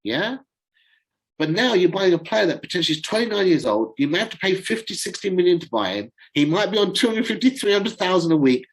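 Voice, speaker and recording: A man's voice: sits high, sing-song, brisk, low-quality recording. A middle-aged man hosting a fan channel. He talks through football in a casual, rambling way and sometimes fumbles for names.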